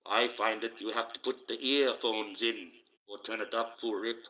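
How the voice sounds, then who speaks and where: A man doing a casual live stream, talking slowly and deliberately through a face mask, with motivational sayings in between. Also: fairly low pitch, steady tone. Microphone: cheap phone with the microphone low down. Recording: muffled lo-fi cheap phone mic.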